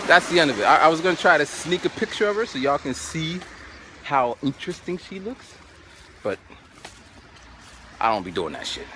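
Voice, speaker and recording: Animated man telling a story outdoors. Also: high-pitched, noisy background. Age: 40s. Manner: animated anecdote telling, acts out quotes, repeats "so then". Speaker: vlogger. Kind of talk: casual storytelling to camera.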